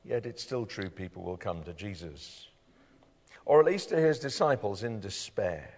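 Male preacher, sermon, highly animated delivery, voice ringing in a large hall. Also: normal speed. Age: adult, father of children. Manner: animated, swings from loud emphasis to quiet intensity, asks rhetorical questions. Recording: reverberant hall.

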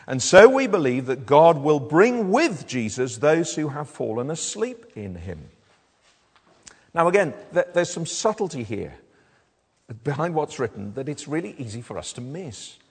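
A man's voice: mid-range voice, breathy edge. A man preaching a sermon in a conversational way, asking his listeners tag questions and often restarting his words. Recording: long hall reverb.

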